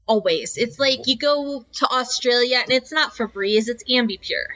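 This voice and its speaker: A woman's voice: a little high, moderate pace, pushed and bright. A woman with a Northeastern US accent, co-hosting a podcast and explaining things with amused, casual chat. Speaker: podcast co-host. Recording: dull, slightly lo-fi sound.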